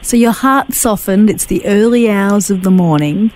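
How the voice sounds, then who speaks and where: A woman's voice: mid-range voice, normal speed, darkish tone, rough recording. A woman hosting a radio interview, drawing out her guest with encouraging prompts and short affirmations.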